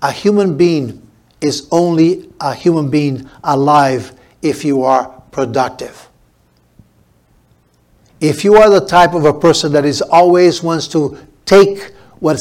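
A man delivers a sermon from the pulpit, his voice pitched a little higher than most men's. He preaches emphatically, repeating words and building each point up. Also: a little slow, darkish tone. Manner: emphatic preaching with repetition and rhetorical build-ups. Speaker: pastor.

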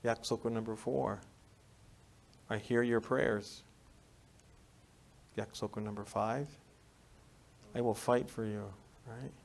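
A man with a New York accent preaching a sermon in a conversational way, often checking in with "right?" and moving between loud emphasis and quiet, soft passages. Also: lowish voice, steady tone, slow pace, creaky, pauses often. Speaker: pastor.

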